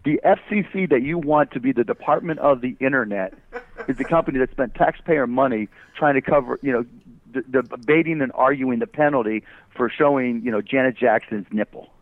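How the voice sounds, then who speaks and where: A man's voice: mid-range voice, a little fast. A man guesting as an entrepreneur on a phone interview, arguing emphatically through rhetorical questions. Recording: tinny phone line.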